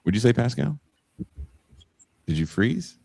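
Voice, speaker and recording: A man's voice: mid-range voice, sing-song, unhurried, vocal fry, darkish tone, husky, no echo. A man hosting a podcast panel over a video call, joking and blunt, laughing often. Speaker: podcast host. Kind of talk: casual panel chat.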